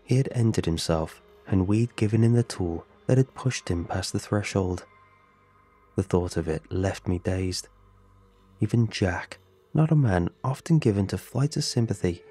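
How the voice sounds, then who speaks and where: A man narrates a horror story in a measured, somber way. His voice sits very low, with a dark, mellow tone and a husky grain. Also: lively intonation, soft background music.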